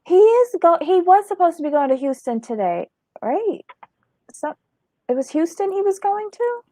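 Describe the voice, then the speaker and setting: A woman's voice: high voice, no room sound. A woman hosting a casual commentary chat about a reality show, reading the live chat aloud. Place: in Florida.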